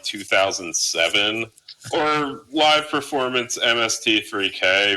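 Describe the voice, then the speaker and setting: A man's voice: on the low side, pushed and bright, low-quality recording. A man in his thirties co-hosting a podcast in casual chat, rambling and profane with lots of filler words. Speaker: podcast co-host.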